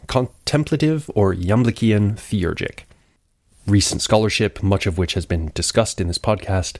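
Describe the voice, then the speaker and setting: A man's voice: low-pitched, darkish tone, no echo. A man hosting a podcast, delivering a scripted lecture with wry, conversational asides. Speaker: podcast host.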